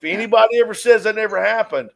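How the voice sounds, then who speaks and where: A man hosting a podcast, spinning a profane, animated yarn in casual talk. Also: high voice, very fast, gravelly. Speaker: podcast host. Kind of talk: casual storytelling.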